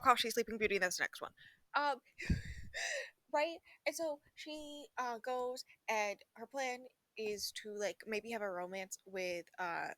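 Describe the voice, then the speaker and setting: A young woman casually reviewing a book she just read, rambling with lots of fillers and laughing now and then as she acts out quick lines. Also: medium pitch, a bit bright, no echo. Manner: rambling, filler-heavy, laughs often, breaks into quick acted quotes. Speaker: book vlogger.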